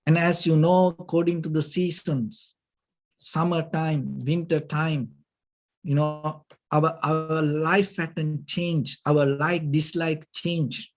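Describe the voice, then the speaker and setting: Monk doing a dhamma talk, kinda high voice, really slow, lots of "you know" and pauses. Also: male voice, little pitch movement. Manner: halting, searching for words, frequent "you know". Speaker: Buddhist monk teaching meditation.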